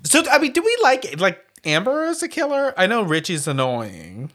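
Animated man gushing about a film. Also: sits high, normal speed. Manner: animated, swears casually, acts out scenes. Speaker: podcast co-host. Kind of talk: casual chat reviewing a film.

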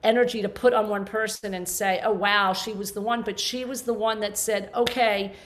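A woman's voice: medium pitch, steady tone, moderate pace, noisy background. Passionate, earnest woman in her fifties. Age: 50s. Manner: earnest, passionate, rambling with restarts. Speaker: podcast guest. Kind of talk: emotional conversational interview.

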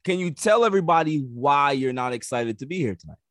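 A man with a New York accent hosting a casual sports podcast, teasing his guest with drawn-out emphasis. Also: on the high side, expressive, a bit bright, no room sound, studio quality. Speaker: podcast host.

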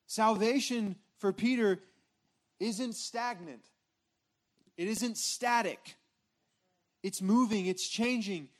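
A man with a notably high-pitched voice preaches in a loose, chatty way, tossing a quick "right?" to his listeners between points. He stumbles and repeats words as he thinks aloud on a church stage. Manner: informal, repeats words and restarts, frequent "right?" checks with congregation. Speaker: pastor. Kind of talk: conversational sermon. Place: church stage before a responding congregation.

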